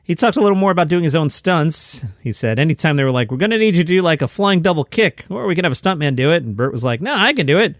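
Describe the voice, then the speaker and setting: Lively man reading comedy headlines. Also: fairly high pitch, fast talker, hardly any pauses, no room sound, clean studio sound. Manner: lively, sarcastic asides. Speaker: comedy news podcast host. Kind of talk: reading headlines and quotes, casual news podcast.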